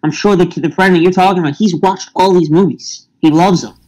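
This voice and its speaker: A man's voice: high-pitched, brisk, a little mellow, low-quality recording. Emphatic man in podcast chat. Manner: emphatic, insistent. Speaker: podcast guest.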